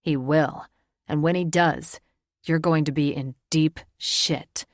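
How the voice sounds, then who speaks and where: A loyal, solemn male soldier, as a woman narrator plays him, firm and earnest, with a low, gravelly tone. The recording is close and dry. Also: fairly even intonation, takes it slowly, no echo. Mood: defiant.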